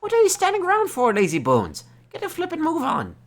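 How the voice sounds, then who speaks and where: A woman's voice: low voice, huge pitch swings, moderate pace, faint music behind, pitched above the performer's own voice, full character voice. A woman doing a blustery, brash old man from a game. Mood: scolding. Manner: loud, teasing, blustery scolding. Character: brash, bossy older man neighbor.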